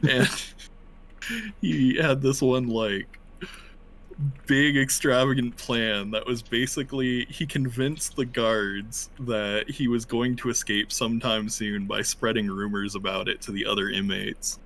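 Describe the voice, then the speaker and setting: A man with a mid-range, unhurried voice chats casually at a tabletop game. He's a player telling an anecdote with animation, acting out the quoted lines as he goes.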